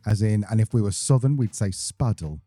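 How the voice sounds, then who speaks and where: A man's voice: lowish voice, fairly even intonation, fast talker, warm tone, no echo. A man co-hosting a podcast, joking bluntly and swearing freely. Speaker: podcast co-host. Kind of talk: casual podcast chat.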